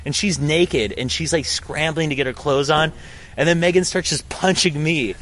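A man's voice: fairly high pitch, normal speed, fairly bright tone, a little hiss or hum. A young adult man casually telling a story outdoors on a college campus, slangy and profane, saying "dude" and "bro" a lot. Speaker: podcast host.

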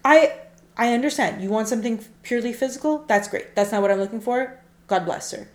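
A woman's voice: fairly high pitch, a little fast, roomy sound. A woman co-hosting a casual chat show, telling a dating story and acting out the texts she got. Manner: animated, acts out quoted texts. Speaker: podcast co-host.

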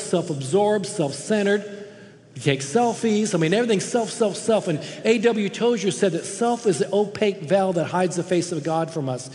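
A high-pitched man delivers an impassioned sermon from a church platform. He presses his points hard and repeats words for stress. His voice rings out with the long reverb of a large hall. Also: darkish tone. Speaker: guest preacher. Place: church sanctuary.

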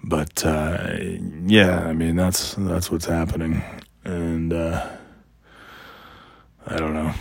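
Hoarse guy in a vlog, real low gravelly voice, worn out and annoyed, swears a lot. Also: little pitch movement, slow, long pauses, no echo. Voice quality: gravelly, raspy. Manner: exasperated, rambling, profane. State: hoarse from coughing. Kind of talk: casual ranting vlog.

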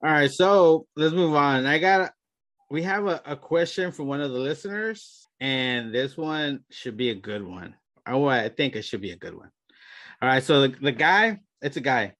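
A podcast host who talks quickly and jokingly and introduces a listener's question. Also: medium pitch, animated, a bit bright, dry recording. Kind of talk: casual chat.

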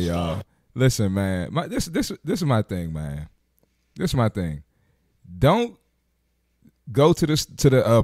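A man's voice: medium pitch, a little mellow, no echo. Casting: male podcast host, blunt slangy roast commentary, dry close sound. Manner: blunt, joking, slangy trash talk. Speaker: podcast host reacting to clips. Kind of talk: casual reaction commentary.

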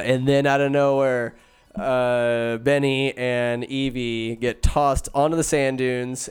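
Smooth-voiced man recapping a film sarcastically. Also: on the high side. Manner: sarcastic, jokey asides, swings between loud and muttered. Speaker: movie recapper. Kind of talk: casual comedic movie recap.

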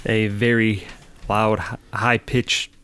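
A man co-hosting a casual podcast, tossing out deadpan jokes. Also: on the low side, takes it slowly, a little hiss or hum. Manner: jokey, deadpan quips. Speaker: podcast co-host. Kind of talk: casual chat.

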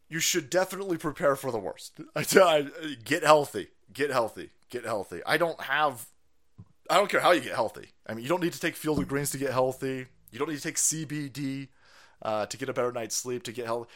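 A man hosting a political stream, ranting loudly and sarcastically with lots of swearing and mocking voices. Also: medium pitch. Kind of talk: profane ranting commentary.

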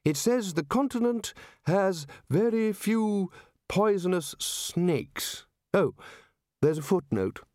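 A man voicing a prim, fussy old male wizard scholar who reads slowly and hesitantly from a book. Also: high-pitched, expressive, a little mellow, dry recording, clean studio sound, pitched above the performer's own voice.

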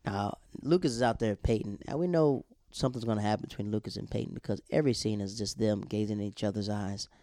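A man's voice: on the low side, fast talker, hardly any pauses, dark tone, no room sound, studio quality. A man casually recapping a TV episode in a slangy, laid-back storytelling way.

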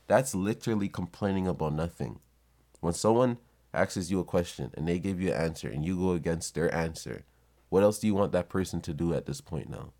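A man's voice: deep voice, fairly quick, a little mellow. A young man telling a blunt, profane story in a casual monologue. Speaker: vlogger.

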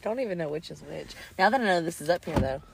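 A woman's voice: sits low, expressive, fast talker, creaky, heavy background noise. A woman, chatting playfully as a podcast co-host in her car, teasing and giggling easily. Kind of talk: casual chat.

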